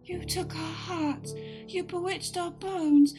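A woman's voice: very high-pitched, fairly even intonation, takes it slowly, warm tone, pitched above the performer's own voice. A woman voicing the ghost of a murdered little boy, speaking in a small, lonely voice with music behind. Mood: haunting.

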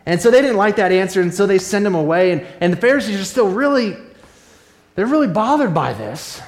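A man's voice: high-pitched, animated, fairly quick. A man preaching a sermon, retelling a Bible story in a casual, conversational way with fillers and restarts. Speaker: pastor. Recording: echoey room.

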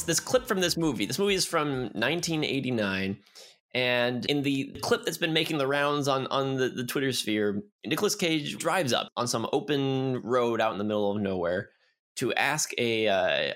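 A man's voice: medium pitch, animated, moderate pace, fairly bright tone. Joking podcast co-host man. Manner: jokey, laughs often, repeats words while thinking. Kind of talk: casual chat.

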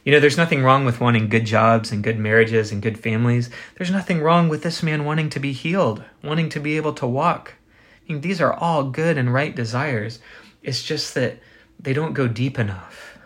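A man preaching a sermon as pastor, earnest, building his points with rhetorical questions and slowing for emphasis. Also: mid-range voice, fairly bright tone.

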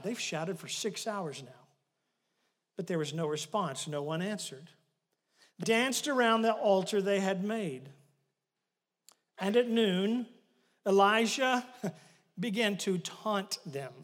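A man preaches with real animation, swinging between loud bursts and hushed asides as he retells the story. His voice sits high for a man. The sound carries a long reverb, like a large church hall. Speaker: pastor. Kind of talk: sermon.

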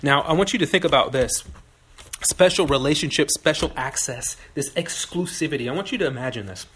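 A man preaching a sermon in a relaxed, conversational way, telling stories and putting questions to his listeners. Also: a little high, brisk. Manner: conversational, animated storytelling with audience questions. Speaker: pastor.

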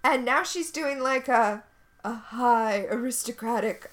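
A woman's voice: fairly high pitch, measured pace. A woman co-hosting a podcast, recapping a TV episode in casual chat, blunt and sarcastic. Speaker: podcast co-host.

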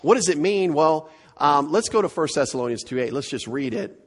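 A male pastor preaching a verse-by-verse sermon, animated and emphatic, often repeating words to drive a point home. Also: on the high side, brisk, husky.

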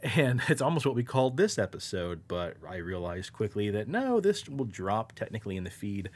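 A man's voice: fairly low pitch, very animated, moderate pace, a little mellow. A man co-hosting a podcast in a loose, rambling, profane way, upbeat and chatty. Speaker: podcast co-host. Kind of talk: casual podcast chat.

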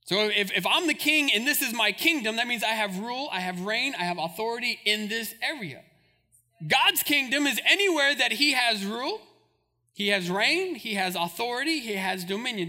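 A man's voice: very high-pitched, bright, forceful tone. A man preaching a sermon as pastor, emphatic and repetitive, building his points phrase by phrase.

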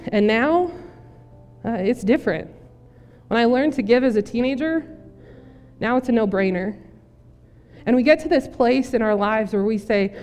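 A woman's voice: on the high side, normal speed, long pauses, warm tone, faint music behind. Joking woman pastor in an echoing church. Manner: casual, joking, direct. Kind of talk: sermon. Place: church sanctuary. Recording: long reverb in church.

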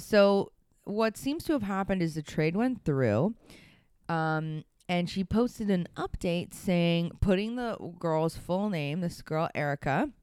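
A woman's voice: lowish voice, a little mellow, clear, resonant tone, dry recording, studio quality. Chatty woman co-hosting. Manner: chatty, laughs often, many fillers. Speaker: podcast co-host. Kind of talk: casual podcast chat.

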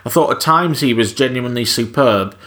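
A man's voice: medium pitch, fairly quick, a bit bright. A man co-hosting a podcast, giving wry, opinionated takes on films. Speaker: podcast co-host. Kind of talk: casual film review chat.

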